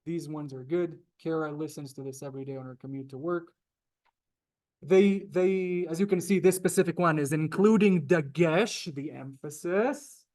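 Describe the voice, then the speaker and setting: A man's voice: a little high, normal speed, darkish tone. A man teaching a live beginner Hebrew class in a synagogue classroom, polite and chatty, often calling students "sir". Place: synagogue classroom, also streamed on Zoom.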